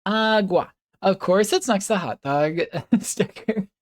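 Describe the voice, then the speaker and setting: A woman's voice: mid-range voice, expressive, measured pace, darkish tone. A woman streamer chatting casually with her viewers, rambling and giggling, with playful puppy noises.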